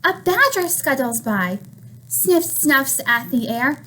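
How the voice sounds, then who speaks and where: A woman's voice: high voice, big pitch swings, slow pace, slight background noise, poor audio. A young woman, a children's librarian, reading a picture book aloud and asking the children questions. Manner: warm, encouraging, asks children questions. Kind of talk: children's storytime read-aloud.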